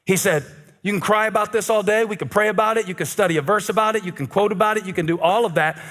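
A man preaching a sermon as pastor, animated and joking, rising to shouts at peaks. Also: high-pitched, fast talker.

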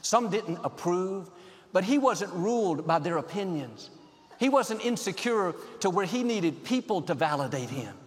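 A high-voiced male pastor delivers a sermon in an upbeat, measured way, stacking phrases in rhythmic runs. His voice rings out in a big church auditorium with a long reverb tail. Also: expressive.

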